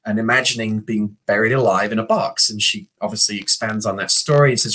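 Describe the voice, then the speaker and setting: A man's voice: lowish voice, a little fast, pushed and bright. A middle-aged man hosting a motivational video talk, earnest, telling stories and acting out the voices in them. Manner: earnest, storytelling, acts out quoted voices. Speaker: host.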